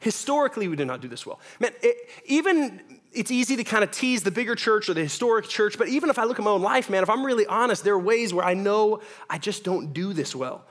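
High-voiced man preaching casually. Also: lively intonation, fast talker, a bit bright. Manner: casual, joking, conversational preaching with many "right?" tags. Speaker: pastor. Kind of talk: sermon. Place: church hall with audience.

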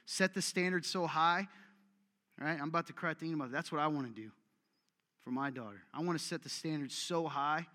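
Male preacher, exhortative and direct, fairly high pitch, long hall reverb. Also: quick pace, sharp tone. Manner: exhortative, direct, repeats commands for emphasis. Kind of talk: sermon. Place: church meeting room with audience.

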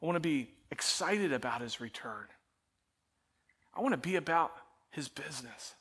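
Man, pastor, sermon, high voice, bright tone, animated storyteller, church auditorium. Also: moderate pace, slightly rough. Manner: animated storytelling, self-mocking, turning quiet and prayerful at the close.

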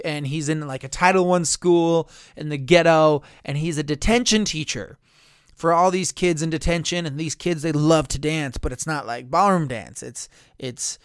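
A man's voice: fairly high pitch, no echo, clean studio sound. A man hosting a solo parenting podcast, chatty and encouraging, often correcting himself mid-sentence. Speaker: podcast host. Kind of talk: casual solo podcast talk.

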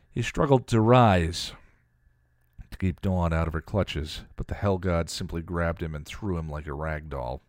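A man reading a piece of fan fiction aloud in a steady storytelling manner. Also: deep voice, measured pace, dry recording, clean studio sound. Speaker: story reader.

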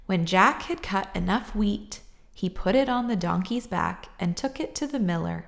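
A woman hosting a book podcast, reading a picture book aloud in a gentle, measured way and chatting. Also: mid-range voice, lively intonation, gravelly. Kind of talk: storybook read-aloud and casual chat.

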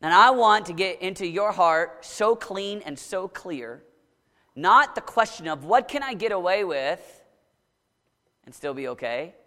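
Guy preaching, bright forceful voice, shouts then goes real low, lots of hall echo. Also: expressive, unhurried. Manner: dramatic, swings from shouting to low intensity. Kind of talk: sermon.

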